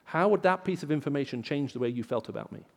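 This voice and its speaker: A man with an English accent, raised in the Middle East, preaching a sermon in an auditorium and telling stories, rising loud for emphasis. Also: fairly high pitch, lively intonation, fast, creaky, in a large hall. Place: large auditorium.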